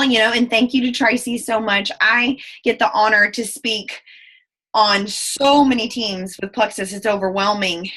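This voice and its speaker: A woman in her twenties with a thick Southern accent, giving a fast, folksy and effusive motivational talk on a video call. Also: medium pitch, bright, forceful tone. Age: 20s. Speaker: guest speaker.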